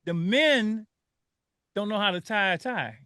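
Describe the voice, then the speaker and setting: A man's voice: high-pitched, animated, measured pace, pushed and bright, smooth, no echo. An older man hosting a radio panel, telling stories with emotion and often repeating his words. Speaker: radio show host. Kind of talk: casual radio panel talk.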